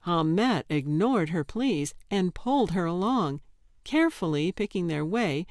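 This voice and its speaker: Woman, audiobook narrator, slow pace, measured, deliberate, close mic, dry sound. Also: on the low side, expressive, a little mellow, no room sound.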